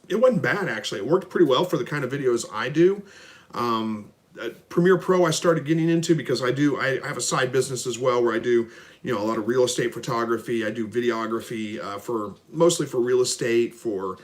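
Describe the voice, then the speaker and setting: A middle-aged man hosting a casual live stream, reading out viewer comments and answering in a relaxed, folksy way. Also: mid-range voice. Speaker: livestream host answering viewer questions. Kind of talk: casual live Q&A about raising rabbits and quail.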